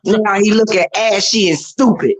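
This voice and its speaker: A woman's voice: mid-range voice, moderate pace. A woman chiming in on a casual gossip livestream with wry, teasing remarks.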